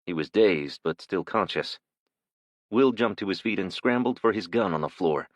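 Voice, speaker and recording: A man narrating a thriller audiobook in a measured, steady storytelling manner. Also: low voice, no echo.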